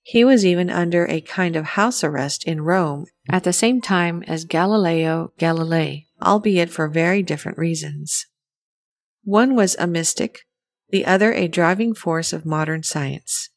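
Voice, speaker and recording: A woman reading a scripted documentary narration in an even, measured way. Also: lowish voice, no room sound.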